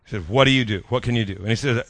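Folksy male preacher, bright forward tone, close dry recording. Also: mid-range voice, rapid-fire, no echo. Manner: folksy, conversational with rhetorical questions to the audience. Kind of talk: sermon storytelling.

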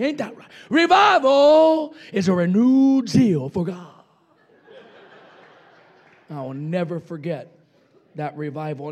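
Middle-aged man, fiery revival preacher; high gravelly voice, pushes the crowd to shout back. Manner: impassioned, shouting, calls for congregation response. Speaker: pastor. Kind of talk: revival sermon.

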